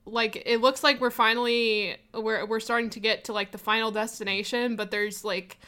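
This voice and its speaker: Chatty young woman with a bright voice. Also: a little high, level tone, moderate pace. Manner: chatty, with many fillers and laughs. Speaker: podcast player asking listener questions. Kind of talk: casual chat.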